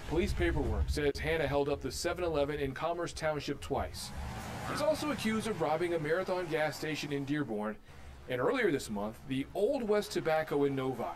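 A man's voice: a little high, lively intonation, a little fast. Formal male TV news reporter.

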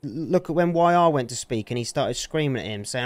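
A man's voice: on the high side, expressive, fast talker, few pauses, no echo. A man in an in-character roleplay argument, aggrieved and defensive, swearing often. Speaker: roleplay streamer.

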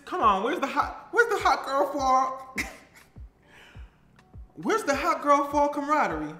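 A man doing a bright, chirpy small-town baker gal. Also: high voice, full character voice. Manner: chatty, giggly, reads viewer comments aloud. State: tired. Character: tired chatty young woman baker from a fall town. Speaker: live streamer. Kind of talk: character live stream comedy. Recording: roomy echo, faint music.

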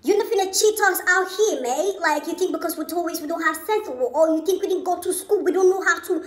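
A woman putting on a London accent to voice an indignant tourist telling off a cab driver, in a high, shrill, loud voice. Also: fairly quick, roomy sound. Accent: put-on London.

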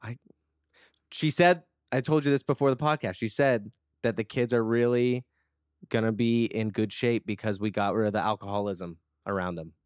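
A man's voice: on the low side, normal speed, clean tone, dry recording, clean studio sound. A man co-hosting a podcast, chatting casually and earnestly, rambling with lots of fillers. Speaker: podcast co-host. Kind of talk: casual chat.

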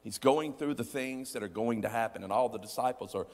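A male preacher giving a sermon, repeating phrases emphatically and swinging between loud peaks and quiet, low stretches. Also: brisk, big-room sound.

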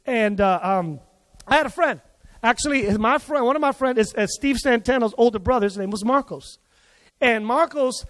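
A man preaching a sermon at a church service, telling a childhood story in an animated way and acting out the other people in it. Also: very high voice. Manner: animated, acts out quoted voices. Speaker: pastor. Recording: long hall reverb.

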